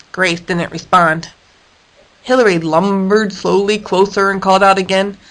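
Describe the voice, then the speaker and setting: A woman reading a children's animal story aloud in a lively, expressive way. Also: mid-range voice, unhurried, poor audio.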